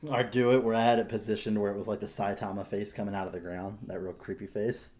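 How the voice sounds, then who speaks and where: A man's voice: on the low side, flat delivery, a little mellow. Joking, foul-mouthed male podcast host. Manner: profane, joking, quick to laugh. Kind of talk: casual podcast chat.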